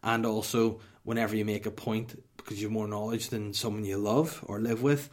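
A man, telling a profane, rambling comic story on a podcast. His voice sits slightly low, and he jokes his way through the tale in a loose, casual way. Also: level tone, moderate pace.

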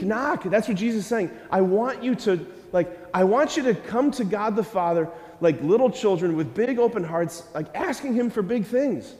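Male preacher with a high voice, animated sermon delivery, reverberant church hall. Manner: animated, acts out prayers in a raised voice, engages listeners with questions.

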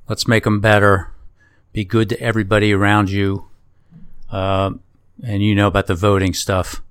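A middle-aged man with a fairly low voice chats on a podcast beside his son. He talks bluntly and jokes a lot, then slips into a gentle lecture. The sound is dry and close, with no room around it. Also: smooth, no echo. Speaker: podcast co-host, the host's father. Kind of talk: casual podcast chat.

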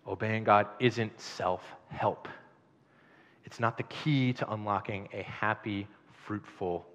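A male pastor preaching a sermon in a conversational, animated way, with chatty asides to the congregation. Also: on the low side. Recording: dull sound in a long-reverb hall.

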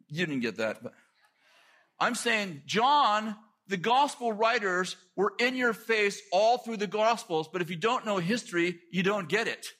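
A middle-aged man preaching a sermon, telling stories with lively asides and quick jokes. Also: high-pitched, breathy edge. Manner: animated storytelling with quick asides.

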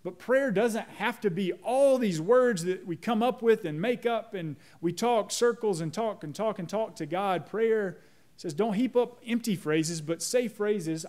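Pastor preaching a slow, measured sermon. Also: male voice, high voice, a little mellow. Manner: measured, slows down on prayer phrases; leads the congregation in repeating a prayer.

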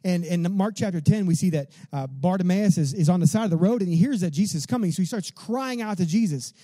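Animated man preaching a conversational sermon. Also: high-pitched, fast talker, no echo. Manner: animated, conversational preaching with fillers and rhetorical questions. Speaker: pastor.

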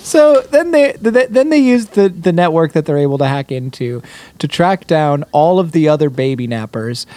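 A man's voice: fairly high pitch, lively intonation, normal speed, warm tone, a little hiss or hum. A man co-hosting a podcast, casually recapping a TV episode with laughs and mock quotes. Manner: laughing, rambling, mock-quoting characters. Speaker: podcast co-host.

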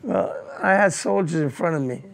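An older man, a war veteran, telling his combat memories in an oral history interview, halting and repeating words as he goes. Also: on the high side, gravelly.

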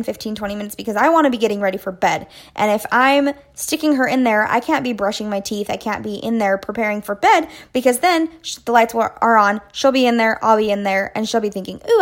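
A young adult woman hosting a podcast, telling a rambling, self-mocking story in an animated way. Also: mid-range voice. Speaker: podcast host. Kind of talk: storytelling monologue.

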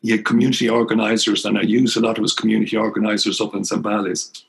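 Gravelly older Irish priest. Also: male voice, lowish voice, little pitch movement, fast, rough recording. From Ireland. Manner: earnest, emphatic storyteller. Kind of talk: storytelling interview guest.

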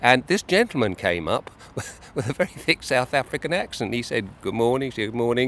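A man's voice: medium pitch, lively intonation, brisk, fairly bright tone, slight background noise. A man chatting casually, telling stories of street preaching with frequent laughs and fillers. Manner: chatty storyteller, laughs often, many "uh" fillers. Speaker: co-host recounting street preaching trips. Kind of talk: casual chat.

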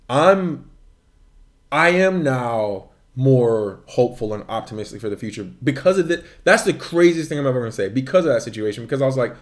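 A man's voice: mid-range voice, expressive, normal speed. Laid-back male podcast host. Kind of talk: casual chat.

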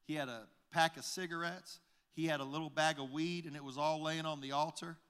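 A male pastor recounts a story from the pulpit, retelling each exchange as "I said, he said" with frequent restarts. His voice sits a bit high for a man and sounds bright and forceful. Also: steady tone, smooth. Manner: halting restarts and repeated words. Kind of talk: storytelling sermon.

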